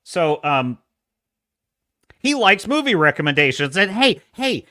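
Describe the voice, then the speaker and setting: Lively, animated man talking close to the mic. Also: sits high, unhurried, dry recording. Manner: animated storytelling with frequent laughs and restarts; opinionated and sarcastic. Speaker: live-stream podcaster. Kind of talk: casual live-stream chat.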